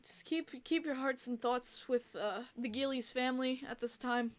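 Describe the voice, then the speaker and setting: Emotional, higher-voiced woman podcast host. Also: normal speed. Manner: emotional, rambling with many fillers and restarts. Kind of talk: casual livestream chat.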